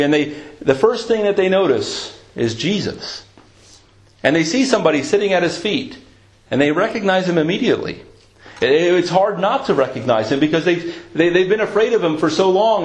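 A man preaching a sermon, retelling a scripture story in a storytelling manner and lifting his voice at dramatic moments. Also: fairly high pitch. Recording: roomy echo.

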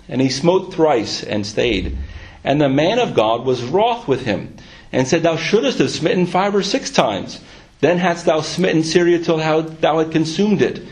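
A man preaching a sermon, reading scripture aloud and then explaining it with growing fervor. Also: on the high side.

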